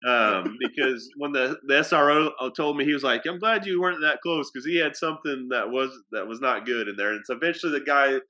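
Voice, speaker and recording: A man telling a story in a casual podcast chat, his voice bright and forward. He rambles a bit, with plenty of fillers and restarts. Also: medium pitch, brisk, few pauses, muffled recording. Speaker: athletic director.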